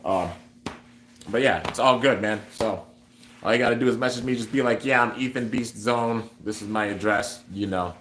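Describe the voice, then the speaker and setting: A man's voice: on the low side, normal speed, a bit bright, roomy sound, a little hiss or hum. A young man hosting a toy giveaway on a livestream, chatty and upbeat as he reads out comments from viewers. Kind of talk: casual livestream chat.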